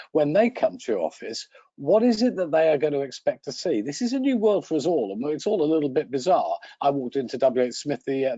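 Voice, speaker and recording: A man on a webinar call giving practical checklist advice in a conversational way, clearing his throat as he loses his voice. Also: mid-range voice, dark tone, no room sound, dull audio. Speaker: webinar panelist. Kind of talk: advisory talk on a video call. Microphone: video call.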